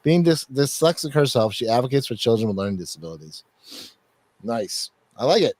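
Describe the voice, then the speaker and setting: A man's voice: medium pitch, expressive, a little fast, darkish tone. A man hosting a podcast in casual chat, reading contributor bios aloud in a rambling, joking way that is full of swearing and laughter. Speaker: podcast host.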